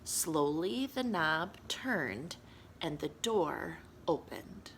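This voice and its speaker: A woman reading a children's picture book aloud in an expressive, animated way. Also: sits low, drawn-out words, gravelly, background noise. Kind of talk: storybook read-aloud.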